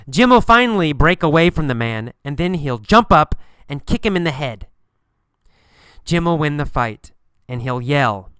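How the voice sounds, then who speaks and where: Male English teacher for an audio lesson; resonant, deliberate, repeats key phrases, dead-dry room. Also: mid-range voice, fairly bright tone, smooth, no echo. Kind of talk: recorded language lesson.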